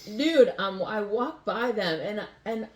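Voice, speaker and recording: A woman's voice: mid-range voice, lively intonation, takes it slowly, a little mellow, a little hiss or hum. A woman from the USA co-hosting a casual home podcast, rambling with lots of fillers and laughing easily. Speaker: podcast co-host. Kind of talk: casual chat. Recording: roomy home recording.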